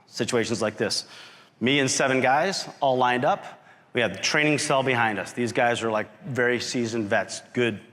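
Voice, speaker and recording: A man giving a motivational talk as a keynote speaker, telling a story with animated energy and acting out quoted lines. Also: mid-range voice, moderate pace. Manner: animated storyteller who acts out quotes and shouts. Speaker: keynote speaker, company founder. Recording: long reverb of a large hall.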